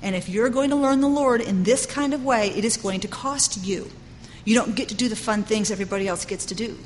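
A middle-aged woman Bible teacher gives an earnest, conversational sermon, often saying "you know." Her voice is a little high and a little fast, with slight hiss or hum, long hall reverb, and faint ambience.

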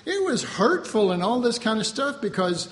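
A man's voice: high voice, big pitch swings, normal speed, big-room sound. A man preaching a sermon with self-mocking humor, acting out little dialogues in changing voices.

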